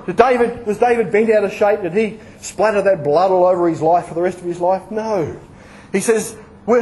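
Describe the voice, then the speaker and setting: Male preacher, high voice, lively sermon full of questions to the audience. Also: slight background noise, rough recording. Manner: lively, asks the audience questions and acts out examples.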